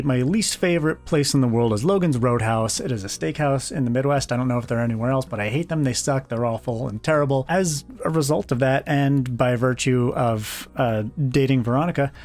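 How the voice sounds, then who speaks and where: A man's voice: medium pitch, fairly quick, a little mellow. A young man chatting casually to the camera in a vlog, joking and rambling with self-deprecating asides. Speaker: vlogger.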